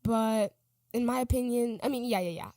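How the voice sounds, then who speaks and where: A woman's voice: on the high side, moderate pace, warm tone, no room sound. A teenage girl hosting a podcast, chatting casually and rambling, often correcting herself and trailing off. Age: teens. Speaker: podcast host.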